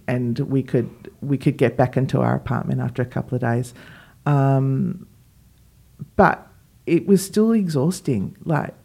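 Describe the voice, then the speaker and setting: A woman's voice: very deep voice, breathy edge. A woman, a podcast co-host telling a personal story in casual chat and acting out what others said. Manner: animated, acts out quoted dialogue.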